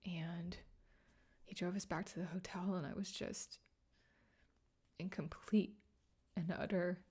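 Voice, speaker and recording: A woman podcast host telling a personal story in a soft, halting, tearful way, often dropping to a whisper. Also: on the low side, steady tone, husky. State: emotional, near tears. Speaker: podcast host and grief coach. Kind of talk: personal solo podcast monologue.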